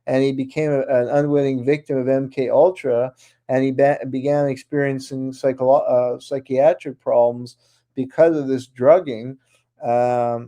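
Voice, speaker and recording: Guy on a radio show, mellow voice, keeps restarting sentences, lots of uhs. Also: medium pitch. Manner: rambling, with many restarts and fillers. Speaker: guest author. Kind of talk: radio interview.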